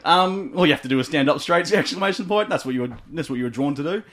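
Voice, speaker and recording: A man's voice: fairly high pitch, fast talker, fairly bright tone. A man with an Australian accent hosting a radio show, playful and hammy, laughing often. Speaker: radio host. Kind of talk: comedic radio banter.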